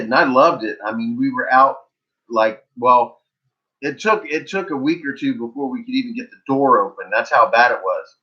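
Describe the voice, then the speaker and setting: A man's voice: mid-range voice, pushed and bright, muffled recording. A middle-aged man hosting a casual live stream, talking in an easygoing way and reminiscing. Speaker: channel host.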